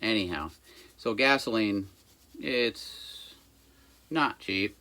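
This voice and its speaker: A folksy man chats his way through a repair job, rambling and cracking small jokes as he goes. His voice is on the low side but bright and forceful. He drifts around the bench near a camera mic. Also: slow pace. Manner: folksy, rambling, jokey asides. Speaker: small engine repair shop owner. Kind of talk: casual workshop how-to talk. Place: workshop by a busy road.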